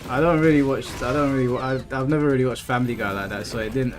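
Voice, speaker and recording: Racing along in a medium-pitched voice, a man in his thirties chats casually on his gaming stream. He reads messages from chat aloud, stumbles, and repeats words, all over background game music.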